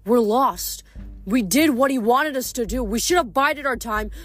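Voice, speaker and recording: A woman's voice: on the high side, unhurried, fairly bright tone, soft background music, pitched above the performer's own voice. A woman reading an audiobook, voicing a clever teenage girl who is frightened, stammering and insistent. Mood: anxious.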